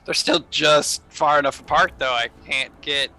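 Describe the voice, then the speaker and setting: A man's voice: fairly high pitch, moderate pace, pushed and bright, no echo, soft background music, rough recording. A man playing a tabletop game, eagerly laying out his attack plans. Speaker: player. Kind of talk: casual tabletop game chat.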